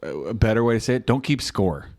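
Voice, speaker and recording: A man's voice: lowish voice, animated, a little fast, vocal fry, darkish tone. A man co-hosting a podcast with his wife, telling stories with teasing, self-deprecating humor in casual chat. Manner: joking, self-deprecating storyteller. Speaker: podcast co-host.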